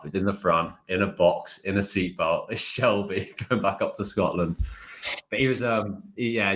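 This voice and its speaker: A man's voice: deep voice, sharp tone. A middle-aged man, a former footballer, telling a rambling story in casual chat with ums and laughs. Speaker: podcast co-host, ex-footballer.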